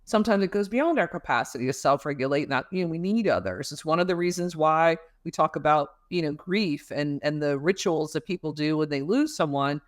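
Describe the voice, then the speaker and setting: A mid-pitched speaker gives thoughtful explanations on a podcast, drawing on research and plain comparisons to help parents. The delivery is measured and full of small fillers, recorded close and dry. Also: lively intonation, no echo. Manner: thoughtful, explains with everyday analogies, many fillers. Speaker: parenting counselor or expert guest.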